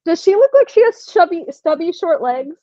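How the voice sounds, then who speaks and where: A woman's voice: extremely high pitch, very animated, normal speed, warm tone, dry recording, muffled recording. A young woman hosting a casual livestream giveaway, chatting and laughing while reading comments from chat aloud. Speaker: livestream host running a giveaway.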